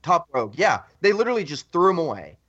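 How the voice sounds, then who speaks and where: A man co-hosting a podcast, telling stories in an animated, excitable casual chat. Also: a little high, fast talker. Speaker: podcast co-host. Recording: dull lo-fi audio.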